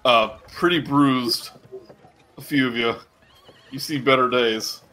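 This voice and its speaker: A man runs a tabletop game as its game master, narrating at an unhurried pace. His voice is bright and mid-pitched, broken by frequent ums. Faint noise sits behind him. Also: steady tone, low-quality recording. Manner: halting, many ums.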